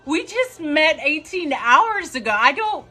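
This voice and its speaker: Bright, chatty young woman storyteller. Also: sits high, unhurried, soft background music. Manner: chatty, animated, breaks into laughs. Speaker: storyteller on a live stream. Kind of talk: casual storytelling to a live audience.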